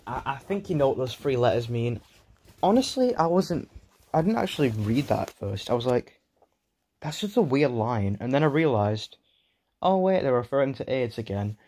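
A video reviewer with a sore throat reads his own script in a flat, bored manner, often trailing off mid-sentence, stumbling and starting over. His mid-pitched voice is close and very dry, with no room sound or echo, at normal speed.

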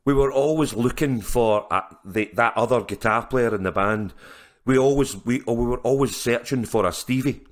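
A man's voice: mid-range voice, normal speed. A man, a musician guest on a podcast, telling stories in a chatty way with frequent laughs and restarts. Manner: chatty storyteller, laughs often, many restarts. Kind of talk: casual interview chat.

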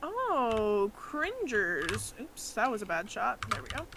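A woman's voice: on the high side, wildly swooping pitch, slow pace, background noise. A woman playing a video game with a friend, chatting casually and silly, sometimes making beeping noises. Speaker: co-player. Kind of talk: casual gaming chat.

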